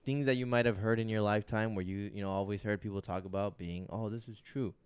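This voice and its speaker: Male podcast co-host, low smooth voice, rambling jokey chat. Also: level tone, fast talker, dry recording. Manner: laid-back, rambling, joking.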